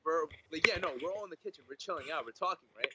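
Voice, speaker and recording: A man's voice: a little high, lively intonation, racing, very noisy. A young man chatting casually on a podcast, telling a story earnestly and insisting on his point, repeating himself. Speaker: podcast co-host. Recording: dull lo-fi mic.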